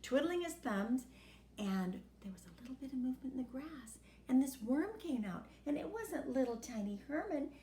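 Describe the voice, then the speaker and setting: Brief: high, very lively woman reading a kids' tale aloud, echoey room. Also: normal speed, slight background noise. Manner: animated and expressive. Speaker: storyteller. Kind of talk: telling a children's story.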